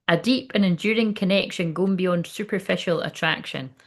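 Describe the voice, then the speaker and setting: Woman, lowish voice, card reader, chatty, rambling, sweary. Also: normal speed, hardly any pauses. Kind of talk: casual livestreamed card reading.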